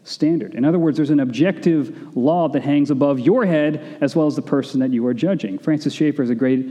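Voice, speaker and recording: Mellow-voiced male preacher in a reverberant hall. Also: on the high side, fairly quick. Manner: conversational preaching with asides. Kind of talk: sermon.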